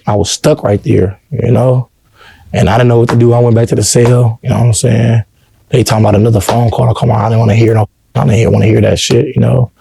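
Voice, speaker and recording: An earnest man tells his story in a relaxed interview, constantly checking in with "you know what I'm saying." His voice is dark and mellow. It is recorded dry and close, with no room sound. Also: mid-range voice, gravelly, slightly rough, no echo. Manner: earnest, heartfelt. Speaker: interview guest. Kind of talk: casual personal storytelling.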